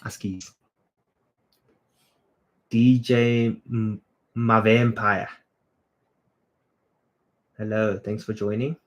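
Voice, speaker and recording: A man's voice: on the low side, little pitch movement, slow, pauses often. A man from South Africa, a creative director, chatting casually on a livestream, greeting viewers and answering their comments off the cuff.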